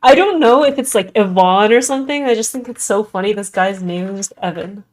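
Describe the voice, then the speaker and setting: A woman's voice: medium pitch, fairly quick, a little mellow. A young adult woman streaming a game and chatting casually, rambling with lots of "like" in a Valley Girl-ish way. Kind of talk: casual gaming stream chat.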